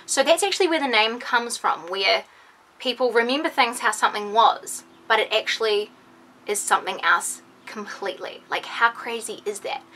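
A young woman chatting excitedly to her viewers in a casual vlog, full of "like" and quick asides. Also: fairly high pitch, slightly rough. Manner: excitable, animated, lots of "like". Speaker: beauty vlogger.

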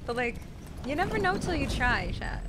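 A woman's voice: high-pitched, very animated, moderate pace, background noise. A young woman streaming a game live, talking to her chat, frustrated and swearing. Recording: music playing loudly behind.

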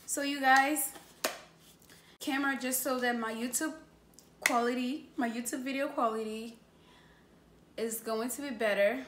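Excited high-voiced young woman in echoey room. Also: unhurried, long pauses. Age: 20s. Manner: gushing, exclaims often, laughs between remarks. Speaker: YouTuber. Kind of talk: excited unboxing vlog. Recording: echoey room with faint noise.

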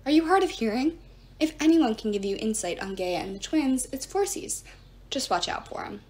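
A woman's voice: mid-range voice, animated, moderate pace, darkish tone, close to an everyday voice. A woman reading aloud and voicing a flippant, impatient male god who answers questions dismissively.

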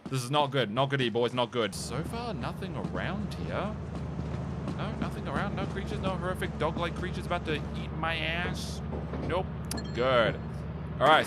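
A man giving excited commentary while playing a co-op horror game, yelping when startled and whispering when scared. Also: fairly high pitch, heavy background noise. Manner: jumpy, yelps and drops to a whisper when scared. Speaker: gaming YouTuber.

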